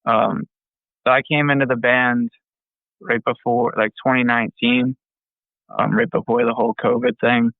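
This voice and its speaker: Band member, even-toned clear voice, halting casual intro, phone-like recording. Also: male voice, mid-range voice, no room sound. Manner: hesitant, frequent "um". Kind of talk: casual interview talk.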